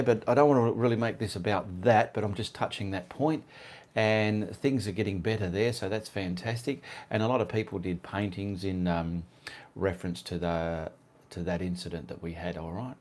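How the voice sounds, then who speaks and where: A rambling Australian man talks casually at home, answering viewers one by one on a live art stream. His voice sits a little low, and he keeps drifting off to side tasks before picking up the chat again. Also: a little mellow. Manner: chatty, reads out viewer comments, easily sidetracked. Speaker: artist hosting live Q&A stream.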